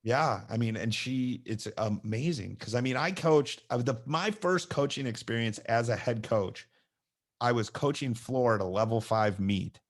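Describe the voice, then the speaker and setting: Male podcast host, mid-pitched, lively storyteller acting out quotes. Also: measured pace. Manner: animated storyteller who acts out quoted lines. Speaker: podcast host and gymnastics coach. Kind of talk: casual chat.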